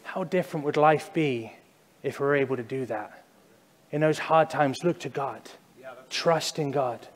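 A male pastor gives a sermon in a church, his voice sitting a little higher than most men's. He speaks in a relaxed, conversational way, acting out loud cries and then dropping to quiet, slow stresses. A long reverb trails his words through the room. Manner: conversational preaching, shifts from loud acted prayers to hushed, slow emphasis. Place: church sanctuary.

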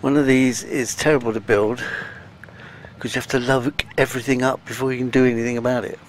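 A man's voice: medium pitch, flat delivery, fairly quick, a little hiss or hum. A man giving casual let's-play commentary, chatty and talking to himself with sighs, a little out of breath. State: slightly out of breath. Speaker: game streamer. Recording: faint game music behind.

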